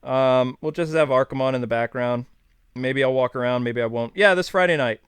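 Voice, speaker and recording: Man, 30s, from New York, live-stream host, rambling, self-deprecating jokes, clear voice. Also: mid-range voice, fairly quick, dry recording. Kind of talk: casual live-stream chat.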